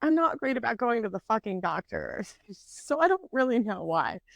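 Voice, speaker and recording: Podcast co-host, woman in her twenties, high voice, dry close mic, animated and foul-mouthed. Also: normal speed, gravelly, no echo. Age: 20s. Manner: swears constantly, animated storytelling. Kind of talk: casual chat.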